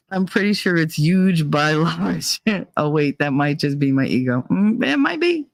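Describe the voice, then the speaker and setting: A woman's voice: deep voice, expressive, unhurried, gravelly, no echo. A woman hosting a casual chat show, telling stories in a blunt, profane way. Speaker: host.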